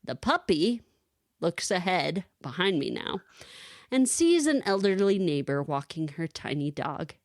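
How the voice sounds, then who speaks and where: Animated woman telling a story, laughing. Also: on the low side, measured pace, dry recording, studio quality. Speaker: podcast co-host. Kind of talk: casual storytelling chat.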